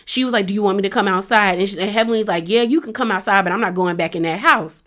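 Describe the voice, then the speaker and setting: A woman's voice: medium pitch, quick pace, fairly bright tone. A woman hosting a casual review of a reality show episode, chatty and laughing often as she acts out what the cast said. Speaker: reality TV recap host.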